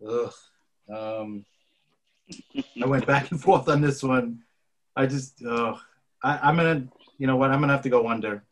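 A man's voice: medium pitch, moderate pace, pauses often, poor audio. A man casually weighs his football predictions. He hesitates often and repeats his words as he thinks. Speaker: podcast co-host. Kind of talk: casual sports talk.

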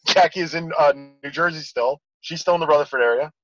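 Man, bright forceful voice, slightly high, muffled lo-fi sound, rambling storyteller. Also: fast talker, dry recording, soft background music. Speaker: podcast guest. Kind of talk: casual chat.

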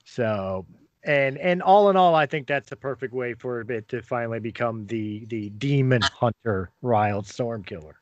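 A man's voice: medium pitch, moderate pace, muffled recording, slight background noise. A man playing a tabletop role-playing game who jokes and laughs often. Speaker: player. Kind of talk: tabletop role-play chat.

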